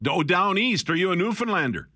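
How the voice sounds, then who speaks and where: A man hosts talk radio with a chatty, wry manner. His voice is bright and forward, recorded close on a dry studio microphone. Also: sits high, animated, brisk, no echo. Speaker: radio host.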